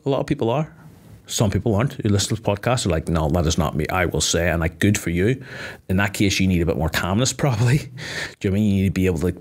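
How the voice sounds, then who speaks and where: A man, an MMA fighter, chatting casually on a podcast, swearing freely and filling his speech with "like" as he explains. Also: mid-range voice.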